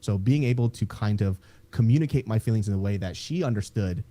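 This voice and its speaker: A man talking openly as a podcast guest, animated and laughing, swearing freely. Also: fairly low pitch, brisk. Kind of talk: casual podcast chat.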